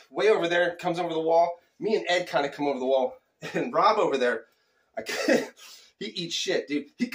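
A middle-aged man from Phoenix, Arizona, with a voice on the high side, casually tells a childhood story. He's animated and chuckles as he goes, using loose slang.

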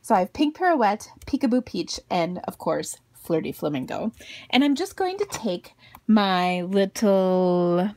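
A woman's voice: medium pitch, sing-song, unhurried, a little mellow, dry recording. A middle-aged woman hosting a casual crafting tutorial from her home craft room, chatty and giggly with self-deprecating asides. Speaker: craft video host.

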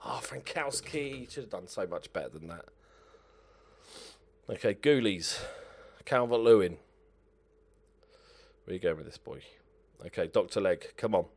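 A man's voice: lowish voice, lively intonation, unhurried, creaky, pauses often, darkish tone. A young man playing a football management game, muttering to himself and swearing at his players as he comments. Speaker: gaming channel host.

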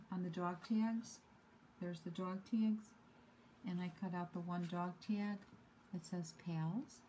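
A woman showing her handmade cards at home in an unhurried, self-deprecating way, with many ums and uhs. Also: lowish voice, warm tone, a little hiss or hum, poor audio. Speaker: card-making hobby vlogger. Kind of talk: casual show-and-tell craft demo.

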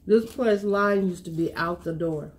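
A woman hosting a mukbang, chatting casually while eating, telling animated stories and humming as she savors each bite. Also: fairly low pitch, measured pace. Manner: animated storyteller, lots of savoring hums. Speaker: mukbang host.

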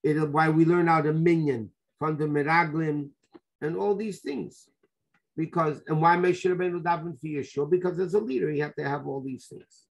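A man giving a lively Torah class as a rabbi, telling the story with rhetorical questions and Hebrew and Yiddish terms mixed in. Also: on the high side, normal speed, vocal fry.

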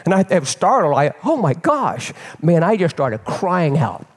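An older man preaching as a pastor and telling a personal story in an animated, candid way, often repeating words as he builds. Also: on the high side, normal speed. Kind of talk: storytelling sermon. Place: church sanctuary. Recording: long reverb of a church hall.

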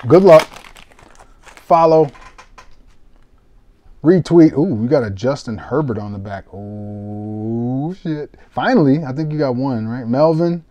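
Excitable swearing man, mellow voice. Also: mid-range voice, slow pace, pauses often, muffled recording. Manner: excitable, self-mocking, swears casually. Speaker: card break streamer. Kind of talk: casual live-stream commentary.

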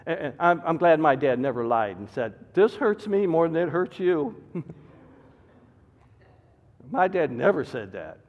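An older man preaches in a high, lively voice that leaps from soft asides to loud emphatic bursts. The recording is muffled and carries a long church echo. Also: measured pace, pauses often. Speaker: pastor. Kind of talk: sermon. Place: church sanctuary. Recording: dull reverberant church recording.

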